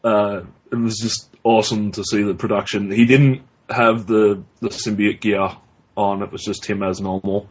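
A man's voice: fairly low pitch, fairly even intonation, moderate pace, husky. A man co-hosting a podcast in casual chat, blunt and profane, rambling with restarts. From Australia. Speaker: podcast co-host. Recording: dull lo-fi recording.

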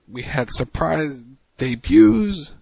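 A man's voice: fairly high pitch, expressive, slow, creaky, mellow, slightly rough, dry recording, muffled recording. A man hosting a casual wrestling talk show over internet radio, loose and joking, often repeating himself. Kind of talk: casual chat.

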